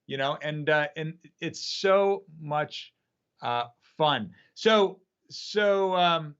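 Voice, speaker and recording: A man who performs magic, telling an animated story in a casual chat over a video call from his home studio. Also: on the high side, extremely slow, clean tone, lo-fi sound. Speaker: magician and app creator.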